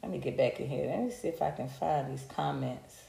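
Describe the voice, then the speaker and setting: A woman's voice: extremely low pitch, a little fast, gravelly, dark tone. A woman, hosting a live stream and talking straight to her viewers in a heated, profane rant. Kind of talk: casual live-stream commentary. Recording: echoey room.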